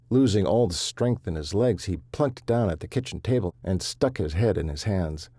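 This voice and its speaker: Husky, warm male audiobook narrator. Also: sits low, no room sound, clean studio sound. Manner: measured, steady storytelling.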